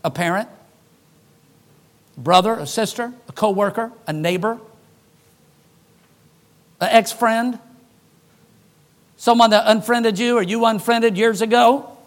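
A man preaching a sermon as pastor, folksy with joking asides, swinging between loud emphasis and hushed lines. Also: high-pitched, slow, long pauses.

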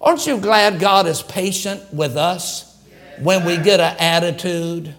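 Male pastor, high-pitched, animated sermon delivery with shouts and hushed asides. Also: a little slow.

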